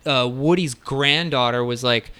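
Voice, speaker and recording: Male co-host, bright and smooth tone, loose enthusiastic music chat. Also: mid-range voice, unhurried. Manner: enthusiastic, profane, storytelling. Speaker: podcast co-host. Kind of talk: casual chat about music records.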